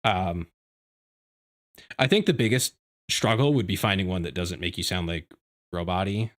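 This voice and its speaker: A man streaming from home, chatting casually with his viewers in a rambling, animated way, often restarting his sentences. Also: low voice, moderate pace. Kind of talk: casual livestream chat. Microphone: desk microphone.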